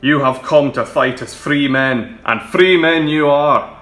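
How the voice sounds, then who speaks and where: A man playing a defiant rebel leader rousing his troops, rising to shouted peaks. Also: a little high, a little slow, reverberant, soft background music.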